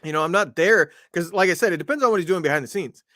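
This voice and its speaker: A man's voice: high-pitched, fast, bright, forceful tone, dry recording, studio quality. Opinionated man on a podcast. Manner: opinionated, lots of fillers and restarts. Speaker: podcast co-host. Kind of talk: casual podcast chat.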